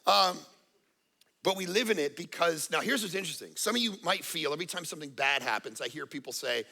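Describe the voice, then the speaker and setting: A middle-aged man preaching a sermon as pastor, telling stories with animated swings from hushed to loud. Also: on the high side, fast, gravelly.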